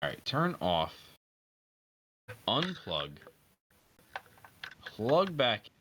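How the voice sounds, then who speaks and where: Man, stream guest, giggly, very lively pitch, slow talker. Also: slight background noise. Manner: giggly, laughs often, slow drawl. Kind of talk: casual chat while gaming.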